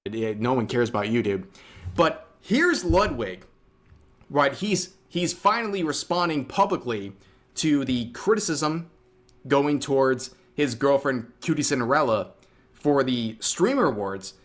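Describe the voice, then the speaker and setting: Commentary narrator, male: slow, sarcastic, with a lively, swooping pitch. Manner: mocking, sarcastic.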